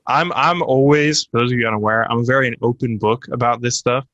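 A man's voice: medium pitch, a little fast, fairly bright tone, no echo, highs cut off. A young man co-hosting a podcast, telling personal stories in a candid, rambling casual chat with lots of fillers. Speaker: podcast co-host.

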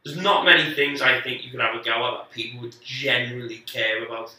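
A man's voice: mid-range voice, steady tone, fairly quick, bright, forceful tone, far from the mic. A man, a guest comedian telling rambling, sweary stories in casual chat with lots of restarts. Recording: very echoey, off-mic.

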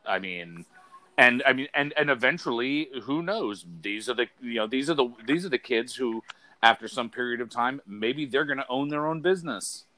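A man's voice: mid-range voice, moderate pace. Chatty man telling a story. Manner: animated storyteller, heavy fillers, says dude. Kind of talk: casual chat.

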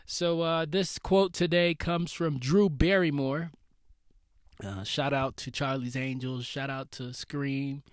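Man, podcast host, motivational, slangy and casual, fairly high voice, dry close sound. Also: fairly even intonation, slow, dry recording. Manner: casual slangy, calls listeners baby.

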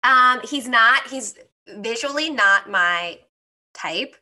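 A young woman in her twenties co-hosting a podcast in casual chat, talking quickly with many "like" fillers. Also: a little high, animated, pushed and bright. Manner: chatty, frequent "like" fillers. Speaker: podcast co-host.

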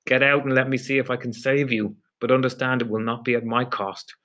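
A man reading a story aloud, voicing a furious male prison official who shouts contemptuously at a newcomer. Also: mid-range voice, flat delivery, a little fast, natural voice. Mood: scornful.

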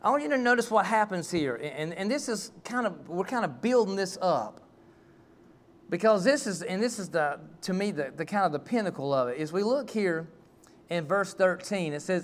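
Folksy pastor, slightly high voice. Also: male voice, expressive, normal speed. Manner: folksy, heartfelt storytelling. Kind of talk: sermon.

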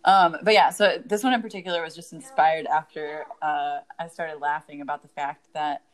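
A woman's voice: low-pitched, moderate pace. A young adult woman, a new parent and podcast co-host, telling stories in a casual, laughing way with lots of fillers. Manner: laughing, animated storytelling with fillers. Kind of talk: casual chat.

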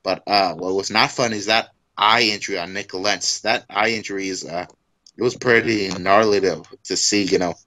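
A man co-hosting a casual fight recap podcast, talking loosely with many halting fillers. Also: low voice, fairly even intonation, bright, forceful tone, rough recording. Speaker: podcast co-host.

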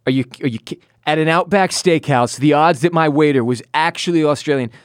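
A man's voice: a little high, fairly quick, dry recording, studio quality. A man co-hosting a podcast, chatting casually and joking with his partner. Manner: joking, playful banter. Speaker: podcast co-host. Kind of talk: casual chat.

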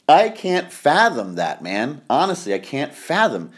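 A middle-aged American man hosting a podcast, telling stories in casual chat, rambling and excitable with frequent laughter. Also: mid-range voice, a little slow, hardly any pauses, husky. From United States. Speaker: podcast host.

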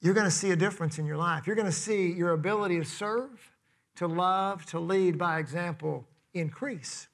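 A man's voice: sits high, moderate pace, vocal fry. A man preaching a sermon in a conversational way, asking the congregation rhetorical questions. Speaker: pastor.

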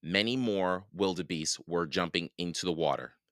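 A man reading a children's book aloud for a podcast, slow and expressive. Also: low-pitched, no echo, clean studio sound. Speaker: podcast read-aloud host.

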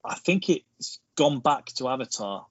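A man co-hosting a casual film podcast, explaining his points in a measured way and leading with trivia. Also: medium pitch, expressive, slightly rough, no echo, highs cut off. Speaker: podcast co-host.

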